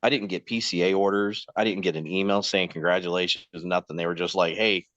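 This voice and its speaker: A man in his forties with a very low, deep voice rambles through anecdotes in casual podcast chat, slipping into other people's voices as he quotes them. The recording is dull and lo-fi, with a dry, close sound and no room echo. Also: fairly even intonation, brisk, fairly bright tone. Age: 40s. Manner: rambling anecdotes acting out quoted dialogue, laughs often. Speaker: podcast guest host.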